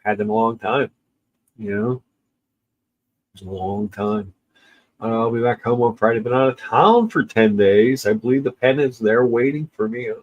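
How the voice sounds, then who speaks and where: A man who is crying as he chats casually with livestream viewers, halting and tearful, with many pauses and restarts. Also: medium pitch, muffled recording. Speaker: livestream host.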